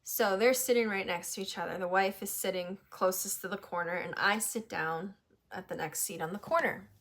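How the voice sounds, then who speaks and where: A woman from New Hampshire telling a story in casual chat, animated and swearing, laughing often. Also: mid-range voice, moderate pace. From New Hampshire, USA. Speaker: podcast host.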